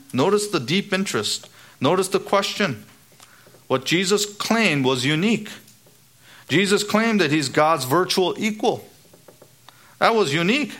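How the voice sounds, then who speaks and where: A male preacher delivering a sermon at a medium pitch. He quotes the scriptures and preaches with emphasis, lifting his voice to stress a point and sinking low on key words. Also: fairly bright tone.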